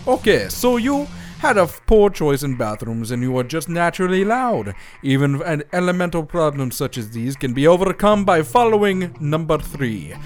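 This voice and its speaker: A man co-hosting a comedy show, reading a crude advice letter aloud in a put-on foreign voice. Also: on the high side.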